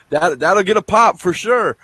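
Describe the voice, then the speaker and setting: A man hosting a casual interview, asking questions slowly and backing up his guest with short affirmations. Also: high voice, expressive, bright, forceful tone, husky. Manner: slow, affirming, many short backchannels. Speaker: interview host.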